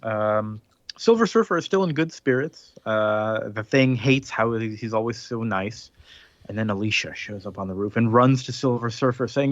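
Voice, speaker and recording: A man co-hosting a podcast, casually recapping a comic book with lots of fillers and quick mock voices. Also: lowish voice, no room sound, muffled recording. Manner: relaxed, filler-heavy storytelling with mock voices. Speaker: podcast co-host.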